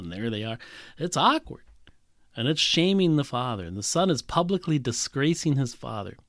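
A man preaching a sermon, animated and emphatic, with frequent rhetorical questions. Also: medium pitch, no room sound, studio quality. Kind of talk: expository sermon.

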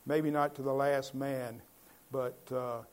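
A man's voice: medium pitch, level tone, slow. A man preaching a Bible-teaching sermon in a conversational way, asking his listeners questions and building to emphatic points.

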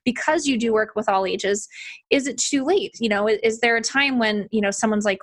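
A woman's voice: on the high side, fairly quick. A woman hosting a podcast, chatty and enthusiastic, telling stories and asking questions. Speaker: podcast host. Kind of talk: casual conversational interview.

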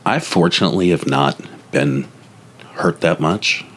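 Very deep, husky man. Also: a little slow, fairly bright tone. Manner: matter-of-fact, understated. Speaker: police officer. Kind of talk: storytelling interview answers.

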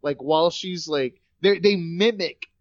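A man with a notably high voice chats casually, stumbling over and repeating words. His recording is muffled and lo-fi, with a dry close sound. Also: a little slow, dry recording. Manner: hesitant, repeats words while searching for them. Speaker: podcast co-host. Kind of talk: casual chat.

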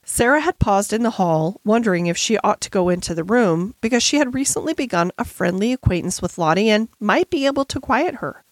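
A woman narrating a classic children's novel as an audiobook in a measured, gentle storytelling manner. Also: medium pitch, no room sound. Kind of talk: scripted narration.

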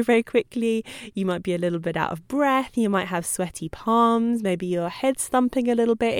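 A woman dog trainer teaching a simple calming method in a chatty, friendly way, often laughing between points. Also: medium pitch, no room sound, clean studio sound. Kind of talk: talking-head lesson.

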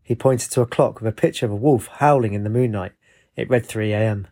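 A man narrating a storybook in a plain, even manner. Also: on the low side, brisk. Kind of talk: storybook reading.

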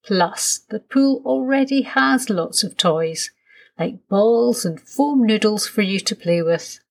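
A woman voicing a patient, gently firm father in a storybook reading, calm and reassuring. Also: mid-range voice, slow pace, creaky, exaggerated voice.

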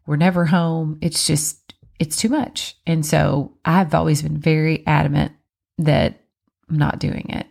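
A woman in her thirties with a low voice tells a story from her own family life. Her tone has a gravelly fry running through it, and she talks in a chatty, animated way, acting out the lines of the people she quotes. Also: measured pace. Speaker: mother of four. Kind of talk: casual personal storytelling.

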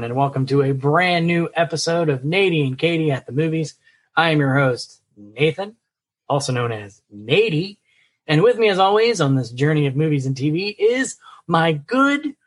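A man's voice: on the high side, big pitch swings, moderate pace. A man co-hosting a casual movie and TV podcast, chatty and upbeat. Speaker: podcast co-host. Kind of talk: casual chat.

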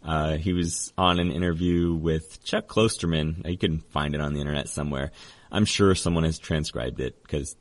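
A man hosting a podcast in a casual, chatty, joking way, full of quick asides. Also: a bass voice, steady tone. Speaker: podcast host.

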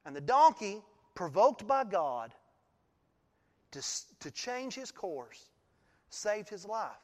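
A male pastor giving a sermon, telling the story in an animated way and often laughing. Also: high voice, slow pace, big-room sound.

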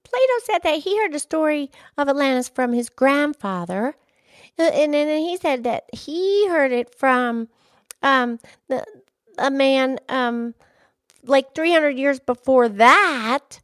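Lady putting on a high gushy little girl voice, eager chatterbox, dry sound. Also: animated, slow pace, no room sound. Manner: eager, gushing, much higher than her own voice.

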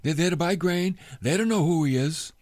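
A man preaching a sermon, retelling a story with expressive, emotional delivery that drops soft at moving points. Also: fairly high pitch, moderate pace, dry recording, studio quality. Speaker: pastor.

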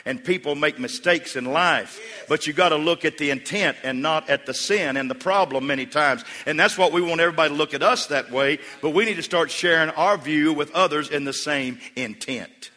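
A man preaching a sermon as pastor, moving between hushed storytelling and loud, emphatic calls to the congregation. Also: a little high, normal speed, few pauses. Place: church sanctuary. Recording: long hall reverb.

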